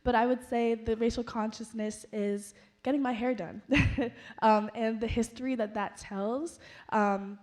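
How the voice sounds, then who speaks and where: Young woman, even flat delivery, thoughtful, pauses with um, scholar in conversation. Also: fairly high pitch. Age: young adult. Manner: thoughtful, measured, frequent "um" pauses. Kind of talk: conversational reflection.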